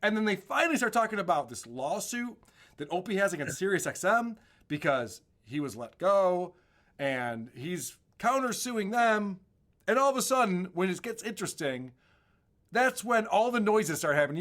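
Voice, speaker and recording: Animated high-voiced man mocking radio clips. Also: moderate pace. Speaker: podcast co-host. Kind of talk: casual commentary on radio clips.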